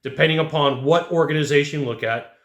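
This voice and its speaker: A man's voice: on the high side, quick pace, muffled recording. A man giving blunt, conversational sales coaching straight to his viewers, full of rhetorical questions. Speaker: sales trainer. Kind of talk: direct-to-camera sales coaching. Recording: roomy echo.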